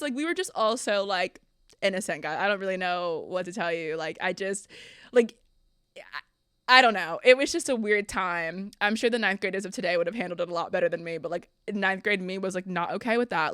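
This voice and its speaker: A young woman hosting a podcast, telling funny stories from her life in a chatty, animated way, often laughing. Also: medium pitch, moderate pace, clean tone, no echo, studio quality. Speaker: podcast host. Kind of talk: casual storytelling.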